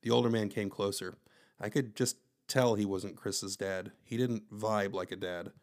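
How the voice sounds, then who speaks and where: A man's voice: on the low side, steady tone, a little slow. A man narrating a first-person story with wry, conversational asides.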